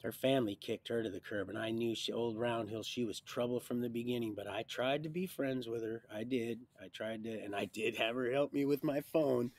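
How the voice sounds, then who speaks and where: A man rambling through a personal life story on a livestream, jumping between loud bursts and quiet mutters. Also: medium pitch, a little fast, few pauses. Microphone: streaming mic.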